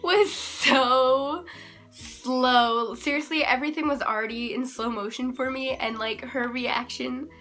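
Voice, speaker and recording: Young female vlogger, higher pitch, animated and self-mocking storyteller. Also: a little slow, soft background music. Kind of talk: casual storytime.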